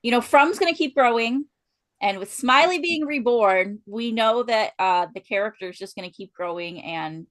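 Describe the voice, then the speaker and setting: A woman's voice: on the high side, normal speed, a bit bright. A woman interviewing a guest in casual chat, upbeat and encouraging.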